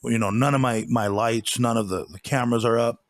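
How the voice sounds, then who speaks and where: A man in a relaxed movie-review chat, voice of middle height, retelling scenes in a loose, rambling way and breaking into laughs. The sound is dry and close, with no room around it. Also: mid-range voice, fairly quick, no echo. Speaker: podcast co-host.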